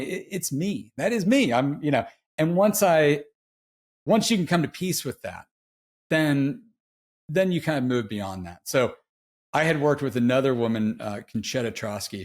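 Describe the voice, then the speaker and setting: Dude on a podcast telling his story, super casual, keeps restarting, normal pitch. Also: breathy edge. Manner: casual, says "dude" often, frequent restarts. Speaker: podcast guest. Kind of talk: candid storytelling.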